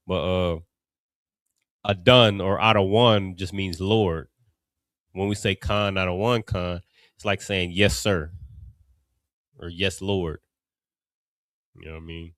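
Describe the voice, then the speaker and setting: A man's voice: lowish voice, no echo. A man from Cincinnati with an Ohio accent, teaching a class in a loose, conversational way with many asides. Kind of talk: casual teaching talk.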